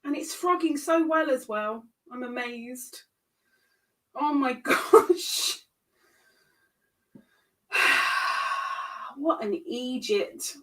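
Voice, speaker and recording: Giggly high-voiced woman crocheting. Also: extremely slow, pauses often, pushed and bright, far from the mic. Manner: giggly, self-mocking, chatting to viewers while counting stitches. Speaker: crochet livestream host. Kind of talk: casual live-stream chat while crocheting.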